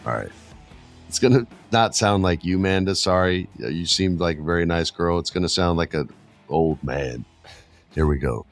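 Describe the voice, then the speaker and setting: A middle-aged man hosting a casual podcast chat in a low, jokey, animated voice that jumps around for emphasis. The sound is dry and close, with faint music underneath. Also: normal speed, no room sound. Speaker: podcast host.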